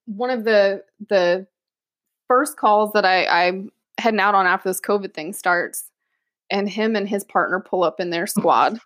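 A woman's voice: medium pitch, a little slow, no echo. A woman police officer telling a funny work story in casual chat, laughing often and acting out the voices of others. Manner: animated, laughs often, acts out quoted voices.

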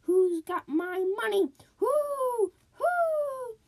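Ghost of a dead woman wailing for her money, high, loud, slow and drawn out, a woman puts it on for a spooky storybook tale. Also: very animated, full character voice.

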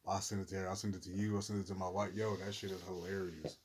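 A man's voice: deep voice, little pitch movement, racing, a crowd in the background. A man co-hosting a podcast, chatting loosely in slang and laughing as he retells jokes. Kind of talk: casual chat.

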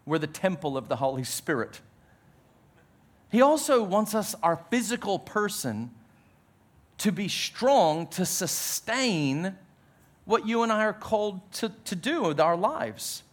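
Male pastor, sermon, high-pitched, slow and emphatic. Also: sing-song. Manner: emphatic preaching, drops low on key words.

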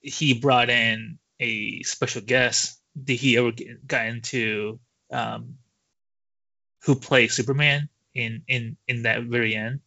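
A man with a gravelly, bright-edged voice, chatting casually on a podcast. He mostly reacts and muses aloud between his co-host's stories. The recording is dry and a bit dull. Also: medium pitch, fairly even intonation, takes it slowly, no echo. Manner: short interjections and musing reactions. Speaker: podcast co-host. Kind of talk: casual chat.

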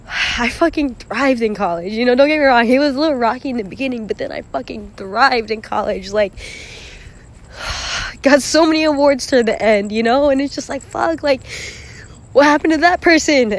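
Young woman, a touch high-pitched, emotional solo vlog, rambling, sweary, sighing, near tears. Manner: rambling, lots of "like", swearing, sighs and nervous laughs. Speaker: vlogger. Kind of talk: emotional personal monologue.

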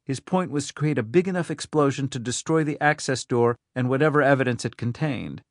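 Steady male audiobook narrator. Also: medium pitch, a little fast, dry recording, clean studio sound. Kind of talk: scripted thriller narration.

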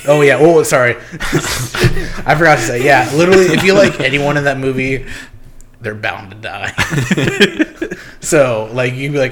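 A man's voice: mid-range voice, lively intonation, measured pace, pauses often, a crowd in the background. A young man hosting a casual podcast chat, rambling with lots of ums and giggles. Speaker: podcast host.

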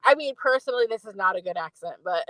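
A woman's voice: medium pitch, expressive, quick pace, a crowd in the background, low-quality recording. A young woman chatting casually as a podcast co-host, rambling and filling her talk with "like". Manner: rambling, fills speech with "like". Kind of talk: casual film review chat.

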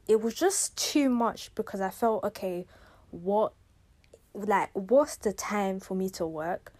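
Chatty young woman podcasting. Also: mid-range voice. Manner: animated, chatty, slangy and emphatic. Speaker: podcast host. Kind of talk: casual faith-based self-care talk.

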